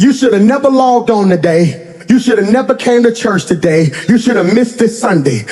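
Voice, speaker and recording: High-voiced preacher shouting in a reverberant hall. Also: male voice. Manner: dramatic storytelling, swinging into shouted preaching. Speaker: pastor. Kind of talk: sermon. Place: church sanctuary.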